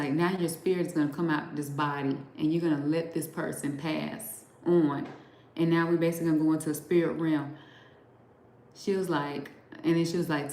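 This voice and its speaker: A woman hosting a live show, casually retelling a personal experience in animated detail, with lots of fillers and quoted back-and-forth. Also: low voice. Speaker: show host. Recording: echoey room.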